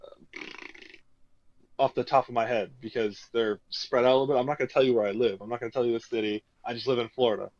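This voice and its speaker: A man's voice: mid-range voice, fairly even intonation, fast, darkish tone, muffled recording. A man in his twenties hosting a podcast, telling a story in a rambling casual chat full of "you know". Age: 20s. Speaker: podcast host.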